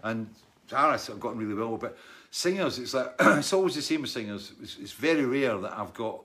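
A man's voice: mid-range voice, animated, brisk, pushed and bright. A man in his sixties, a musician, casually answering viewer questions from his studio in a rambling, anecdotal way full of restarts and asides.

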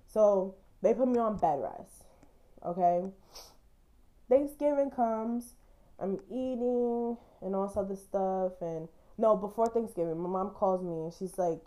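A woman's voice: medium pitch, measured pace, mellow. A young woman hosting a podcast, telling a personal story in a blunt, candid way and swearing casually. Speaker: podcast host.

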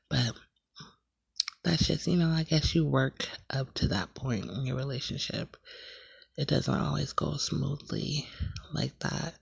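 A woman hosting her own podcast in a casual, candid chat, laughing at herself now and then, talking quietly at night in a shared house. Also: extremely low pitch, vocal fry, slightly rough, dry recording. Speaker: podcast host.

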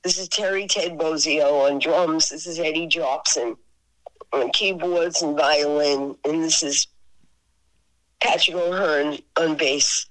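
A woman with a Boston accent putting on a lower voice to quote an older male bandleader, direct and welcoming. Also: fairly even intonation, slow pace, a bit bright, low-quality recording. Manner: direct, welcoming, matter-of-fact.

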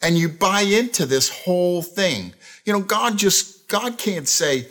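A man's voice: fairly high pitch, moderate pace. A middle-aged man preaching a sermon, telling stories and acting out the phrases people say. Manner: animated storytelling, acts out quoted phrases. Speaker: pastor.

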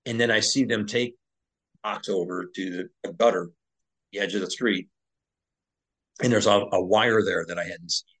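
A man with a fairly low voice recounts a war story as a podcast guest. He talks loosely, with fillers and restarts. He acts out the dialogue as he tells it. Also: normal speed, pauses often, fairly bright tone, breathy edge, poor audio. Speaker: podcast guest, former Navy SEAL.

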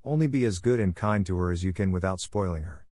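A man's voice: deep voice, fast talker, dry recording, clean studio sound, lightly acted. Shy old bachelor farmer, read by a man. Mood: gentle. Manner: mild, soft-spoken.

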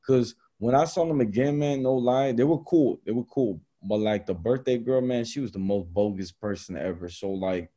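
A young man hosting a podcast, telling a story in a casual, slangy, animated way, peppering his talk with bro and man. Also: mid-range voice, moderate pace, hardly any pauses. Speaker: podcast host.

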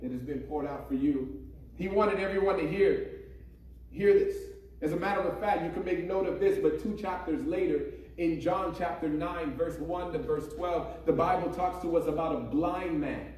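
A man's voice: a little high, steady tone, moderate pace, darkish tone. A man preaching a sermon with fervor, repeating praise God and hallelujah between his phrases. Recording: echoey room, mic at a distance.

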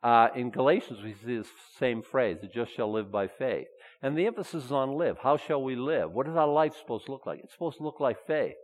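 A man preaching a sermon as pastor, animated, asking his listeners rhetorical questions and adding chuckling asides. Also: medium pitch, a little fast, hardly any pauses. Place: church sanctuary. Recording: long hall reverb.

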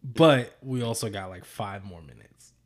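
A man's voice: on the low side, unhurried. Laid-back male podcast co-host. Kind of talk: casual chat.

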